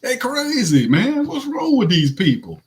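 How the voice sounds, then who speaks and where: A man with a naturally raspy voice hosting casual live fan commentary, animated, blunt and slangy, laughing often. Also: very high voice, measured pace. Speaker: host.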